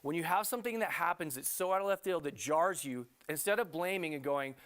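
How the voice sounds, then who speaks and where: A middle-aged man talks in a TV studio interview, rambling eagerly through his points with plenty of fillers. His voice sits a little on the high side. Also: fast, few pauses. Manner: animated, rambling with many fillers. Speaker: love coach, guest.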